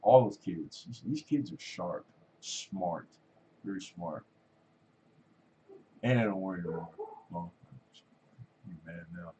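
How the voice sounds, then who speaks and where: A man's voice: low voice, slow pace, pauses often, dark tone, a little hiss or hum. A middle-aged man hosting a casual chat, rambling through stories, acting out what people said and laughing often. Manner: rambling storytelling, acts out quoted voices, laughs often. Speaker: host.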